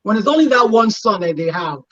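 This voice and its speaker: A woman's voice: mid-range voice, lively intonation, a little fast, a bit bright, dull audio. A middle-aged woman who hosts a chat show and tells a personal story with animation, acting out quoted lines. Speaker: host.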